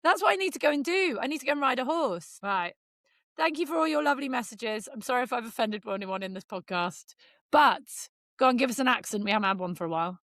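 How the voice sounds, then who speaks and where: A woman's voice: a little high, animated, quick pace, fairly bright tone, dry recording, studio quality. A woman co-hosting a podcast in casual chat, blunt and ranting, swearing freely. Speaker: podcast co-host.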